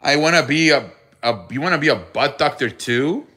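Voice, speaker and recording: A man's voice: fairly high pitch, animated, moderate pace, bright, forceful tone. A man hosting a casual live show, joking and mock-offended with callers, sprinkling in Spanish words. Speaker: show host.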